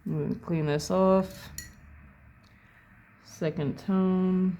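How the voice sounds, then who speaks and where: Gravelly, mellow voice thinking aloud. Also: medium pitch, fairly even intonation, extremely slow. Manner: thinking aloud, self-correcting. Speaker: painting instructor. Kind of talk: casual step-by-step painting demo. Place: at a home desk.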